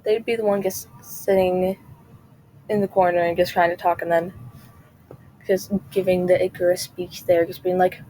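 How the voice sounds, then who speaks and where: A woman's voice: fairly low pitch, level tone, moderate pace, warm tone, a little hiss or hum, low-quality recording. A woman vlogger in casual chat, rambling and chatty, often trailing off and restarting her sentences.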